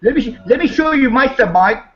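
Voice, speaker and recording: A man's voice: very high voice, expressive, a little fast, highs cut off. A man chatting casually over a video call, joking around and laughing often. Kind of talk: casual chat.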